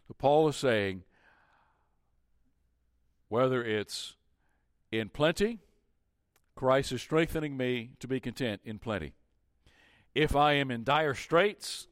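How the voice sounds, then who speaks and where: A man with a medium-pitched voice preaches a sermon as a pastor, recorded cleanly in a studio with no echo. He keeps putting rhetorical questions to the congregation, and he often restarts his phrases and repeats himself.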